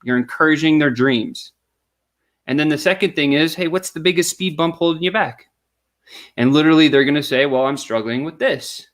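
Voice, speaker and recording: A man's voice: on the high side, moderate pace. A man on an interview, explaining a sales method step by step and acting out sample questions and replies. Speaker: sales consultant guest. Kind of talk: conversational interview.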